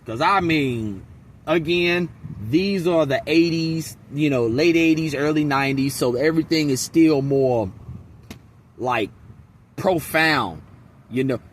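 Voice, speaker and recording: A man giving a casual movie reaction, ranting in a profane, animated, rambling way. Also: on the high side, slow pace, slight background noise. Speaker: movie reviewer.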